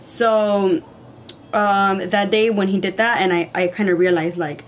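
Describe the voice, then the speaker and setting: A woman's voice: medium pitch, steady tone, measured pace, slight background noise. A young woman telling a story in a rambling way with lots of "like", in casual chat. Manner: rambling, says "like" a lot. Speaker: vlogger.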